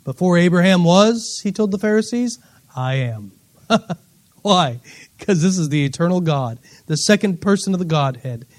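A man preaching a sermon, reading scripture aloud and swinging between loud emphatic lines and quiet low asides. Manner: reads scripture aloud, repeats words, laughs between points.

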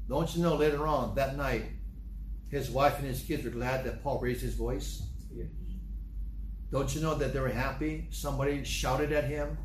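A male pastor preaching a sermon in a church hall, animated and emphatic, repeating his points and acting out quotes. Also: medium pitch, measured pace. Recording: echoey room with faint noise.

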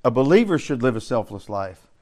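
An older man teaching a Bible study as pastor, preaching in a folksy storytelling way that swings between loud emphasis and quiet asides. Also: mid-range voice, big pitch swings, a little fast.

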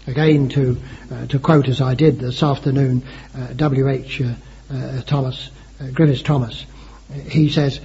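A man's voice: medium pitch, fairly even intonation, unhurried, gravelly, warm tone, husky. A man preaching an earnest sermon, building to emphatic rising phrases with frequent hesitations and repeated words. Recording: dull lo-fi sermon recording.

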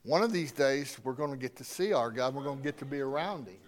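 A man preaching a sermon with strong emphasis, swinging between loud declarations and hushed asides. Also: mid-range voice, animated, quick pace.

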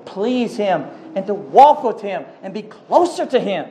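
A male pastor preaching a sermon, telling a story in a hushed voice and then building to emphatic questions and prayer. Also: sits high, very animated, normal speed, hardly any pauses, a little hiss or hum. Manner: emphatic, swings from hushed storytelling to rising exhortation.

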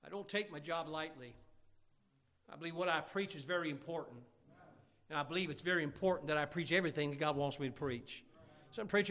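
High, bright-voiced fervent preacher. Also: male voice, quick pace, in a large hall. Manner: fervent, emphatic preaching with rising outbursts. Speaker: pastor. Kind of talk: sermon. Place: church sanctuary.

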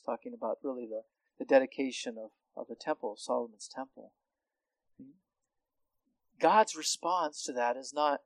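A hard-of-hearing male Bible teacher of medium pitch goes verse by verse through a psalm in unhurried expository teaching. He speaks conversationally, restarting often and using tag questions, and the recording carries no room sound.

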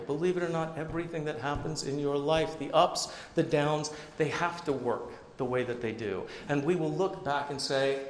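A man's voice: a little high, a bit bright. A man preaching a sermon as pastor, conversational, with self-deprecating asides. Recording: echoey hall with long reverb, faint ambience.

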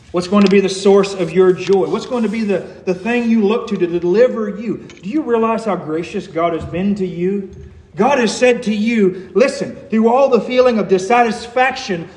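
Male preacher, high voice, emphatic sermon delivery, reverberant church sound. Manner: earnest, emphatic, rhetorical questions.

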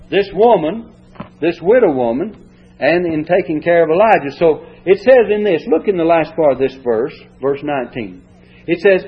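Guy preaching a down-home sermon, kinda high husky voice, muffled lo-fi tape. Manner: folksy, retells stories in plain homespun words. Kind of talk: sermon, reading and explaining scripture. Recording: dull lo-fi recording.

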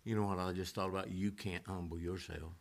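A man preaching a sermon, swinging from loud rising exhortation down to hushed near-whispers. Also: sits low, level tone, fairly quick, vocal fry.

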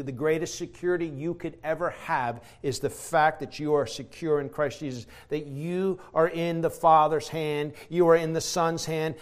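Preacher, male, high voice, fervent sermon delivery with big dynamic swings. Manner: emphatic, swings from quiet to shouting.

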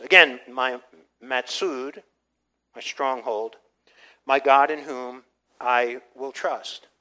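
A man's voice: a little high, sharp tone, poor audio. An older man, a pastor, preaching a conversational sermon with frequent restarts and asides. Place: church.

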